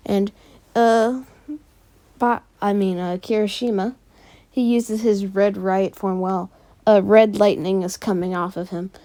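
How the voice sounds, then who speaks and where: A woman casually narrating a fan story, filling pauses with frequent "uh"s. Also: medium pitch, mellow.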